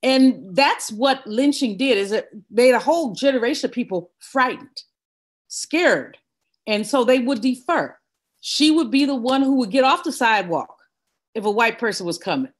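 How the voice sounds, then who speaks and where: An older woman, a guest in an interview, telling a personal story in a vivid, animated way. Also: a little high, moderate pace. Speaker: guest economist.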